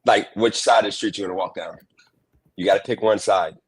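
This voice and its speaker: A man's voice: lowish voice, a little fast, breathy edge, low-quality recording. A man hosting a livestream interview, asking questions in an easygoing, meandering way full of ums.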